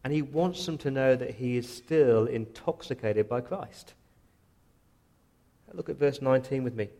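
An earnest male pastor delivers a sermon at a medium pitch. He is direct and heartfelt, slipping into first-person prayers as he speaks. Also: a little slow, mellow.

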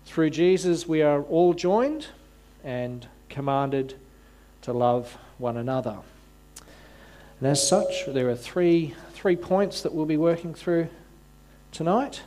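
A man's voice: on the high side, takes it slowly, warm tone. A man preaching a sermon, often repeating words as he restarts and slipping in wry asides.

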